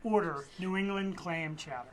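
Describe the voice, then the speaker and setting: A man hosting a casual studio talk show, excitedly asking his guest rambling questions. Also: high voice, normal speed, slight background noise. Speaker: host. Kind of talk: casual interview chat.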